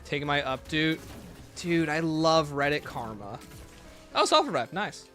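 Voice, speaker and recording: Joking, bright-voiced male game streamer. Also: on the high side, very animated, a little slow. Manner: casual, joking, self-mocking banter. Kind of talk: live gameplay commentary, reading chat. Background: faint game music playlist.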